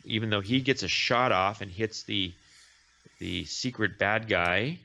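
A man's voice: fairly low pitch, unhurried, creaky, sharp tone. A man hosting a podcast, casually retelling a story and correcting himself as he goes. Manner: rambling, self-correcting retelling. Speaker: podcast host. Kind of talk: casual comic recap. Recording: dull lo-fi recording.

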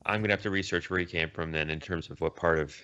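Deep-voiced man, stammering apologies. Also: steady tone, fast talker, pushed and bright, dull audio. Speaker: podcast co-host. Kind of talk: casual chat.

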